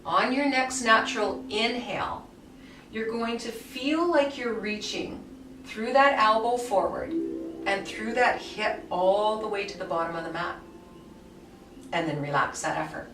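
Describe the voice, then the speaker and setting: A woman yoga teacher guiding a somatic movement class with soft, soothing cues. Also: medium pitch, measured pace, slight background noise. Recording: echoey room, mic far off, faint music.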